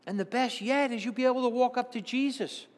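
A man's voice: very high voice, fairly quick. Man preaching in a reverberant church. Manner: earnest, swings between hushed and exclaiming. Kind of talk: sermon.

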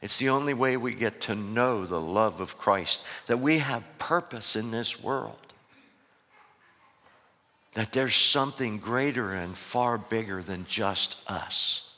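A pastor preaches to his church in a fairly low voice at a slow pace, alternating loud, impassioned outbursts with hushed asides and repeatedly posing rhetorical questions to the congregation. A large hall gives the recording a long reverb.

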